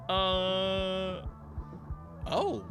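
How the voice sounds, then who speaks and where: A man casually telling a story while streaming a game, rambling with many fillers and laughs. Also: high voice. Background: game music.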